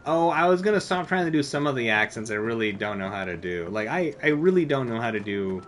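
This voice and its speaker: A man's voice: mid-range voice, lively intonation, fast talker, slight background noise. A man streaming a video game, chatting casually in a rambling, self-deprecating way full of filler words. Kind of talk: casual gameplay commentary.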